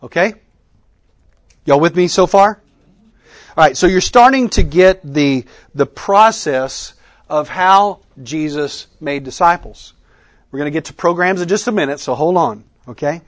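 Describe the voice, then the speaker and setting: Guy teaching a ministry workshop, kinda high voice, keeps asking the room questions. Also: animated, measured pace. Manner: interactive, quizzing the audience with questions; Southern "y'all" in speech. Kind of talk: teaching session. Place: conference room with a live audience.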